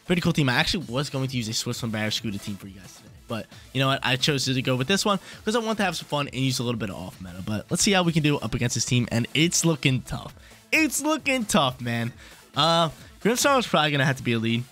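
Young man, game commentary, bright voice, animated pitch, repeats himself, faint music behind. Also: racing, few pauses. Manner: excitable, repeats himself, talks to himself. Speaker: gaming YouTuber.

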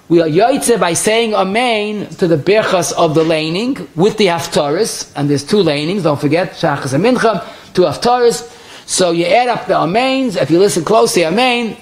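A rabbi giving a conversational Torah class, mixing in Hebrew and Yiddish terms and often restarting his sentences. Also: high-pitched. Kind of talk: Torah lecture.

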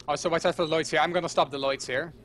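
A man's voice: on the high side, steady tone, rapid-fire, fairly bright tone, slight background noise. A man hosting a co-op gaming session, chatting casually and teasing his partner. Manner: teasing, playful banter. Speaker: gaming channel host.

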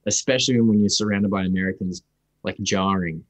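A man's voice: sits low, brisk, no room sound. A young Australian man, an actor guest, telling stories in a casual interview with rambling restarts. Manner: rambling, restarts often, lively storytelling.

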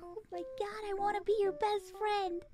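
A woman streamer talking in a shy, excitable way. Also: very high-pitched, normal speed, music in the background.

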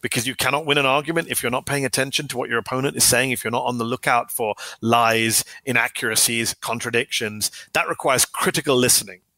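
A man speaking as an author and guest in a podcast interview, talking fast and emphatically with an argumentative drive. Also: mid-range voice, fairly even intonation, sharp tone, no echo.

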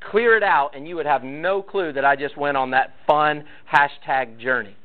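This casual teaching talk comes from a man running a parenting class at church, sharing conversational stories and acting out quotes. His voice is a little high, his pace moderate, and the sound tinny and phone-like.

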